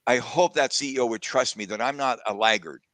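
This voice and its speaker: A man's voice: mid-range voice, fairly quick, no room sound. Reflective man telling a personal story. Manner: warm reflective storytelling, gets emotional. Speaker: guest speaker. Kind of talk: casual conversation on a video call.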